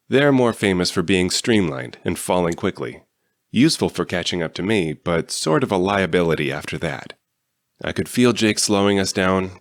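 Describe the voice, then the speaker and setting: Low-voiced man narrating an audiobook. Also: no room sound, studio quality. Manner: steady storytelling. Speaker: audiobook reader. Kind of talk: first-person audiobook narration.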